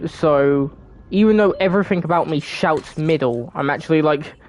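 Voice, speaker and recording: A woman's voice: low-pitched, normal speed, darkish tone. A woman with a southern English accent, from England, chatting casually while streaming a game, sweary, giggly and rambling.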